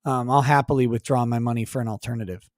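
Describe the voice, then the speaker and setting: A man's voice: medium pitch, fairly even intonation, fast, no echo, clean studio sound. A man hosting a live stream, reading chat aloud and going on profane mock rants. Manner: profane, mock-ranting at chatters. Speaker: livestream host.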